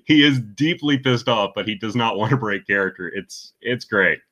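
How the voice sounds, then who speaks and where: A man chatting on a podcast with a low-set, bright voice, laughing often as he talks. He keeps it casual and loose, tossing in quick asides. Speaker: podcast co-host. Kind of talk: casual chat.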